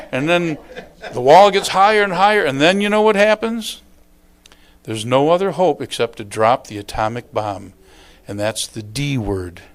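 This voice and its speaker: A man's voice: fairly high pitch, lively intonation, normal speed. A middle-aged male pastor giving a sermon in a folksy, conversational way, often acting out quotes.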